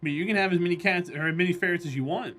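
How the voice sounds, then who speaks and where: A woman's voice: fairly low pitch, racing, a bit bright. A woman streaming a game live and chatting casually with viewers, blunt and opinionated as she answers them by name. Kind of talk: casual live-stream chat while gaming.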